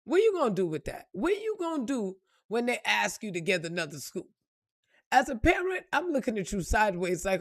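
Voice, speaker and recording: A woman delivers a motivational spiritual monologue with blunt, profane emphasis. She keeps asking her listeners rhetorical questions, in a middle pitch. The recording is dry and close. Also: sing-song, fairly quick, dry recording. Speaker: spiritual reader and motivational speaker.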